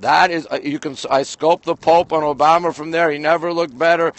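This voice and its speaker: A man with a slightly high voice chats to his live viewers from an outdoor rooftop on a freezing winter night, greeting each one by name and city. The sound is dry and close, as if from a phone held in his hand. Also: flat delivery, fairly quick, dry recording. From Canada. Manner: greets viewers by place and name, chatty tour-guide patter. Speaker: livestream host. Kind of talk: casual live-stream chat.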